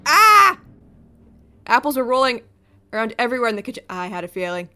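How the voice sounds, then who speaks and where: A woman's voice: on the high side, rapid-fire, smooth. A woman streaming a let's play, reading a story game's text aloud in the first person and reacting with her own comments. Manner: animated, exclaims and laughs at the story.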